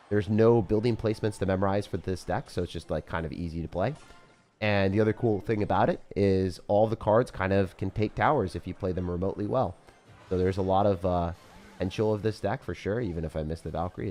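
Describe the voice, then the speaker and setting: A man giving live gameplay commentary as a streamer, casual and jokey, with sudden loud excited outbursts. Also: deep voice. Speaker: game streamer.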